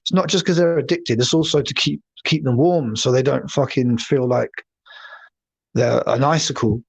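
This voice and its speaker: A man's voice: mid-range voice, moderate pace, vocal fry, breathy edge. A man, hosting a casual livestream, rambling and swearing as he chats with viewers. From England. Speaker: livestream host. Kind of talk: casual live chat.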